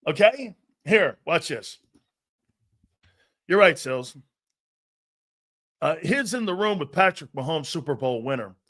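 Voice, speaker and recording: A loud, brash man hosts a live sports talk show, answering his viewers and laughing as he goes. His voice sits a little high for a man. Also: slow pace, long pauses. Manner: brash, loud and animated, often laughing at himself.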